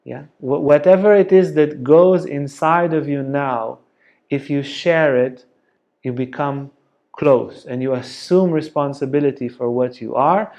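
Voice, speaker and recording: A man giving a spoken teaching talk, slow and deliberate, often checking in with a soft "yeah?". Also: fairly high pitch. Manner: slow, deliberate, gentle delivery with frequent "yeah?". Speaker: yoga teacher.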